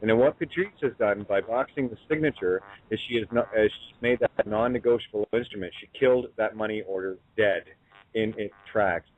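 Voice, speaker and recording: A man hosting a talk show who speaks haltingly with many fillers and breaks in on his guest. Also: lowish voice. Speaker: host. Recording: tinny phone line.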